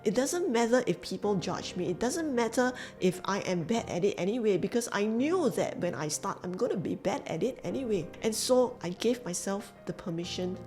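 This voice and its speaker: This woman's mid-range voice is expressive and a little mellow, moving at normal speed with few pauses while faint music plays behind. Speaking with a Singaporean English accent, she earnestly and emphatically recounts her journey as a business coach, repeating key phrases in motivational storytelling to camera.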